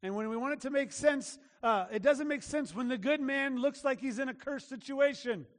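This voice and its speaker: A man's voice: very high voice, normal speed. A man preaching a sermon as a pastor, earnest and emphatic, often restarting his phrases. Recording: long reverb of a large hall.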